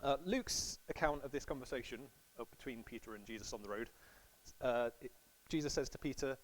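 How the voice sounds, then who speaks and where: A man's voice: mid-range voice, a little fast, poor audio. A man preaching a sermon in a casual, storytelling way, acting out quotes playfully.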